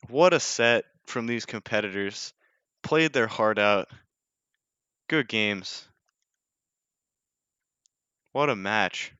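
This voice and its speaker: A man casting a live online game tournament as stream host, excitable, his voice leaping up on big plays. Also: on the low side, clean tone, no room sound, lo-fi sound. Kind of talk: live esports commentary.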